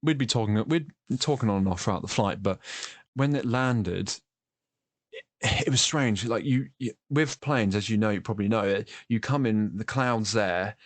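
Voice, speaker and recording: A low-pitched man with an English accent spins long, rambling stories in a casual chat and laughs often along the way. The sound is close and dry, with no room around the voice. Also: normal speed, no echo. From England. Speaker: podcast host.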